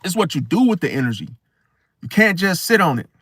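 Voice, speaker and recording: A man's voice: high voice, sing-song, a little fast, a bit bright, husky. A man hosting an astrology video, talking casually to camera in a rambling, slangy way with many restarts.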